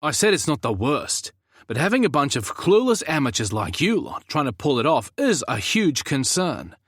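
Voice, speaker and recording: A man's voice: on the high side, very animated, normal speed, a bit bright, dry recording, studio quality, pitched above the performer's own voice, heavily acted. A man doing a stern, exasperated cop. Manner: gruff, scolding, emphatic. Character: stern exasperated male cop, brother-in-law.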